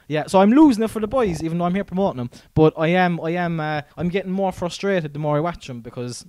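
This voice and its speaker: A man co-hosts a podcast, rambling with restarts and plenty of slang. His voice sits a little high for a man and sounds dry and close. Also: lively intonation, quick pace, darkish tone, clear, resonant tone, no echo. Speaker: podcast co-host. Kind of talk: casual chat.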